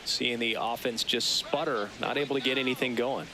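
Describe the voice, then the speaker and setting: A man voicing a video game color commentator, measured and analytical. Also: medium pitch, fairly even intonation, noisy background, lightly acted.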